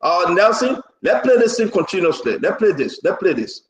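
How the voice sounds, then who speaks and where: A man hosting a live political talk show, rambling and repetitive, now and then bursting into shouts. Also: high voice, sing-song, normal speed, roomy sound, poor audio.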